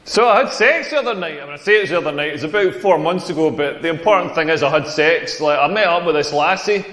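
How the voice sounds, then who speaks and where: Scottish guy, 40s, bawdy stand-up bit, highish voice, echoey hall sound. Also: expressive, quick pace, fairly bright tone. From Scotland. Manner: bawdy, rambling storytelling with acted-out asides. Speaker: stand-up comedian. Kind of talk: stand-up comedy routine. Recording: echoey hall with long reverb.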